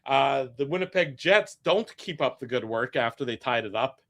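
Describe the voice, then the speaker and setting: A man's voice: mid-range voice, lively intonation, moderate pace, a bit bright. A man co-hosting a casual hockey post-game show, walking through goals play by play with some dry teasing.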